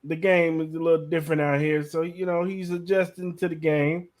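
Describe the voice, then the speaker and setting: A man's voice: a little high, flat delivery, fairly quick, darkish tone. Blunt young man ranting on a podcast. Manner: blunt, opinionated, slangy. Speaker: podcast co-host. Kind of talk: casual chat.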